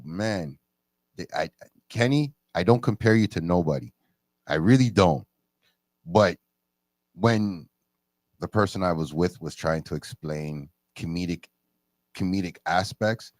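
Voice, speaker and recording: A man in casual chat who tells stories animatedly, jumping up in pitch when he quotes people. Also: dry recording, clean studio sound. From Canada. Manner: animated storyteller, jumps high in pitch for quoted speech.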